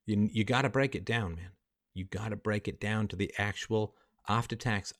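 A man's voice: on the low side, normal speed, a bit bright. A man hosting a livestream monologue, emphatic and lecturing, walking through numbers step by step. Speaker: livestream host.

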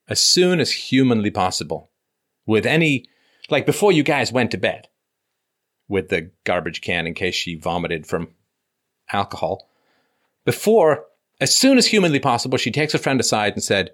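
A man's voice: fairly low pitch, sing-song, moderate pace, a bit bright. Emphatic man hosting an advice call-in. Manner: emphatic, lecturing, acts out quotes mockingly. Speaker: call-in show host.

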